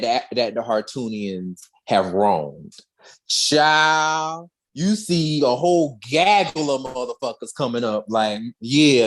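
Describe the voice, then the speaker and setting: A young woman co-hosting a podcast, sassily retelling an episode and acting out the characters' lines in a slangy, expressive way. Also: a bass voice. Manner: sassy, expressive, slangy storyteller who jumps into character voices. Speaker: podcast co-host recapping an episode. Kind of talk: animated comedic recap with acted-out voices.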